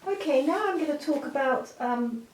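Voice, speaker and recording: A woman's voice: sits high, lively intonation, moderate pace. Woman art teacher, chatty, lots of ums, roomy echo, set back from the mic, faint hiss. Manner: chatty, full of fillers, apologetic asides. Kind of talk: drawing lesson demonstration. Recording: roomy, from a distance, faint noise.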